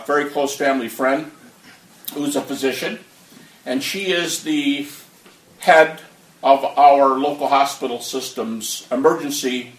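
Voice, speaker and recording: A man giving a conversational, anecdotal talk who acts out the people he quotes. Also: medium pitch. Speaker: speaker on near-death experiences. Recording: roomy, distant mic, faint noise.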